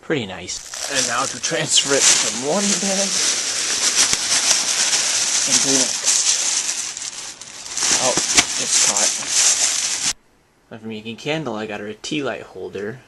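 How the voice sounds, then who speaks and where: A young man talking casually to his handheld camera in a daily vlog, chatty and excitable, breaking into squeals. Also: mid-range voice, slow pace, pauses often, heavy background noise. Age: young adult. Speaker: vlogger. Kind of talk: casual daily video blog. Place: at home, in a car and outdoors on campus.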